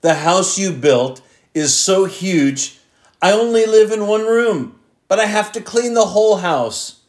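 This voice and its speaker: This is a frail elderly mother, played by a man, her voice lifted high and quavering. She speaks slowly and sounds a little plaintive. The sound carries a roomy echo. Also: animated. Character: elderly mother writing thank-you notes, frail and plaintive.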